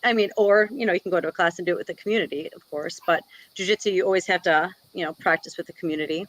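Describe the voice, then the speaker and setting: Racing along in a fairly low voice on a rough recording, a Wisconsin woman who's a jiu-jitsu black belt and instructor talks casually as an interview guest. Her chatty sentences are full of "like" and "you know" fillers.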